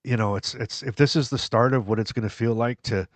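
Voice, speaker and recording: A medium-pitched podcast co-host speaks fairly quickly in casual chat, rambling through stories and laughing often. He uses headphones and a studio mic, with no echo.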